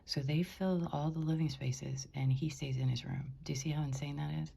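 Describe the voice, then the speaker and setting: A woman speaking in a hushed, indignant way, often whispering, as she records from her bedroom on a top floor. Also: sits low, fairly even intonation, a little fast, gravelly, breathy edge. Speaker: concerned housemate.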